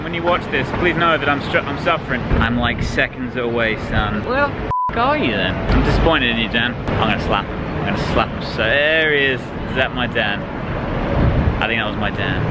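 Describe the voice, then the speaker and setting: A man's voice: mid-range voice, heavy background noise. A man, host of a casual vlog, joking and sarcastic as he narrates his night. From Isle of Wight, England. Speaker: vlogger and event host.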